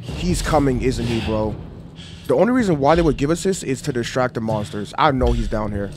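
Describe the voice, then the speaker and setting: A man streaming a horror game, talking excitedly to his chat with lots of slang. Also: medium pitch, brisk, noisy background. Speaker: gaming streamer. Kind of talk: horror game let's play commentary. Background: game music.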